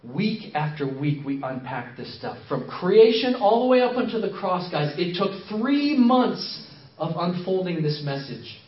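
A man's voice: sits high, big pitch swings, measured pace, highs cut off. A man speaking as a missionary in a sermon, telling a story, acting out the quotes and repeating phrases for emphasis.

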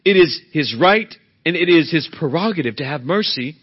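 A man preaching a sermon as pastor, swinging between loud emphatic peaks and hushed, low passages. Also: animated, normal speed, hardly any pauses, breathy edge, muffled recording.

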